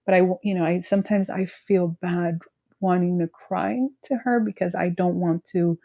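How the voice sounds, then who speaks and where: A woman in her thirties from California, speaking haltingly about her grief as a guest, full of "you know" fillers. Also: fairly low pitch, fairly even intonation, warm tone. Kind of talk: emotional personal conversation.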